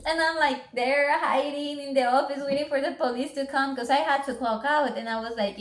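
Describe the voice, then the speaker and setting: A young woman tells a story in a casual vlog, with a high, expressive voice. She is animated and lively as she relates what happened. Her voice rings in an echoey room. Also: brisk, hardly any pauses. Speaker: vlogger telling a story.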